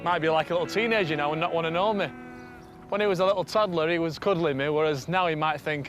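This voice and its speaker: An excitable man with a northern English Oldham accent, talking to camera out in a farm field. His voice sits a bit high for a man, and he laughs readily. A clear music bed runs under everything he says. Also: quick pace. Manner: chatty, excitable, laughs often. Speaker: first-time farmer, presenter. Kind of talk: casual on-camera chat. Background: background music.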